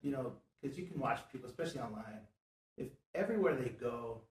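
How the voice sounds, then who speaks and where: This show host, who also owns a business, speaks fast in a medium-pitched, expressive voice with a slightly mellow quality. He's leading a casual motivational talk in a studio, earnest and preachy, filling gaps with "you know." He sits far from the mic in a roomy-sounding space.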